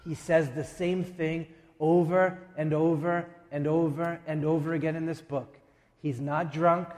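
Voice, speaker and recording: A male pastor delivers a sermon in a church, slow and emphatic, leaning on dramatic pauses and quick asides. His voice sits a little high. A long reverb from the hall trails after each line. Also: little pitch movement, a little mellow. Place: church sanctuary.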